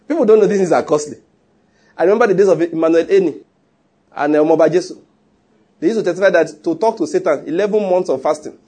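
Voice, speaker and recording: Speaking quickly and pausing often, a pastor delivers an emphatic sermon, teasing his listeners and repeating lines to press his points. His voice is husky, slightly raised, and high, yet its tone stays mellow and dark.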